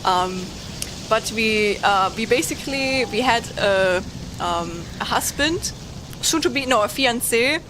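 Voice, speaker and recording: A woman's voice: fairly high pitch, lively intonation, a little slow, background noise. A woman with a German accent, a VTuber host chatting casually and giggling while recapping a story game. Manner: giggly, rambling with many fillers. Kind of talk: casual game-stream chat.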